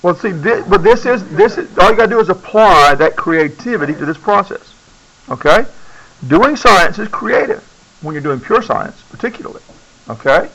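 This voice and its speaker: Male teacher, slightly high-pitched, classroom lecture, chatty and coaxing. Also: expressive, normal speed, fairly bright tone, dull audio. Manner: checks in often, coaxing students to answer. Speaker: science teacher.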